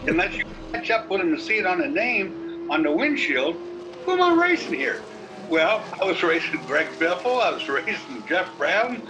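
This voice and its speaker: An older man, telling racing stories in an animated, folksy way over a video call. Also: high-pitched, normal speed, music in the background, low-quality recording. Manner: animated, folksy storyteller, colorful cursing. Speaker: racing driver guest.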